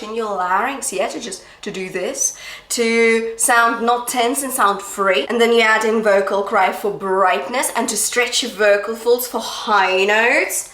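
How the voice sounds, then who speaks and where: Bright-voiced woman vocal coach, unhurried. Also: roomy sound. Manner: encouraging, checks in with frequent "yeah?" and "okay?"; demonstrates sung phrases and light falsetto between explanations. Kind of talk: singing lesson instruction.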